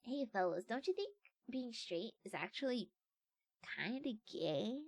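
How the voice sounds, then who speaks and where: A woman voicing a smug young male bro, speaking in a lowered, hushed, mock-serious way. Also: big pitch swings, a little slow, dry recording, exaggerated voice.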